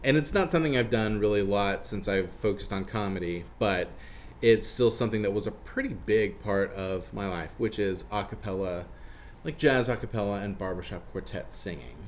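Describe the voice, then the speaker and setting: A man in casual group chat, explaining barbershop singing with jokes and quick asides. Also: lowish voice, a little hiss or hum. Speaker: comedian teaching barbershop singing.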